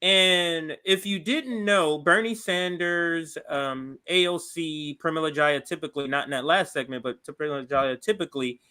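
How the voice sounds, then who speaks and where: A man with a high, very bright and sharp voice co-hosts a political livestream. He sets up clips in a measured way and hands off to his partner. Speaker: co-host. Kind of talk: live-stream political commentary.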